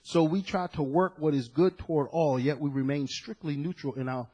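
A man preaching a sermon as pastor, passionate and dramatic, dropping low and then rising to shouts before his congregation. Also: fairly even intonation, normal speed, breathy edge, dull audio. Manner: impassioned preaching, swinging from hushed to shouting. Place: church.

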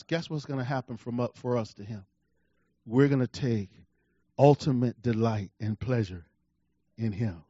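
A man preaching a sermon, swinging between loud shouts and hushed, intimate lines. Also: fairly high pitch, no echo, muffled recording. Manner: animated, swings from shouts to near-whispers.

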